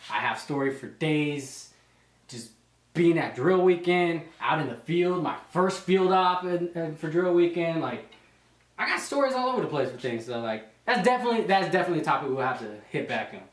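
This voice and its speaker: A man's voice: on the high side, expressive, brisk, roomy sound. A young man in his twenties casually telling profane boot camp stories, laughing and acting out drill instructors, between sets in a gym. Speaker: fitness vlogger and reservist. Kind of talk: casual storytelling chat. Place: gym, indoors.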